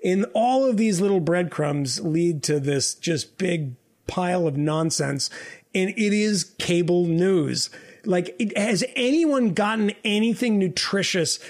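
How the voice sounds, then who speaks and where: A man's voice: high voice, expressive, slow. A man co-hosting a podcast, ranting in a heated and profane way and throwing in mocking quoted voices. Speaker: podcast co-host. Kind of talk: heated political podcast rant.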